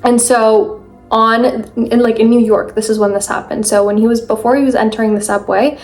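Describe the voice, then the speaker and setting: A young woman giving an earnest, emphatic motivational talk to camera in a casual vlog, quick and full of fillers. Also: fairly high pitch, fairly even intonation, a little mellow, soft background music. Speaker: mindset vlogger.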